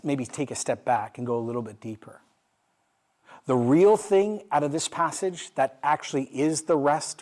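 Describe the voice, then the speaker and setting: A man's voice: medium pitch, darkish tone. A middle-aged man preaching a sermon, asking his listeners questions and telling a story, building to emphatic peaks. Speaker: pastor.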